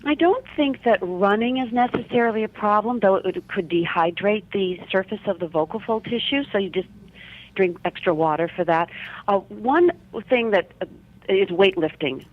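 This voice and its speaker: A woman's voice: medium pitch, normal speed, dry recording. Chatty woman voice teacher, guest on call-in radio, dry and dull phone sound. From Chicago. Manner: chatty, explanatory, frequent restarts.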